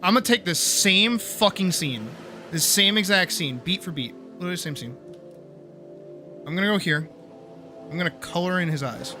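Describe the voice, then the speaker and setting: A man streaming live, talking casually and getting wildly animated, swearing freely as he demonstrates his art. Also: high voice, normal speed, long pauses, faint music behind. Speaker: streamer and artist.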